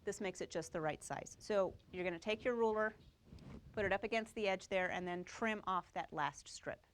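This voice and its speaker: A woman's voice: mid-range voice, moderate pace, a little hiss or hum. A woman teaching a quilting class, explaining each step and checking that the students follow. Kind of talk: live classroom demonstration.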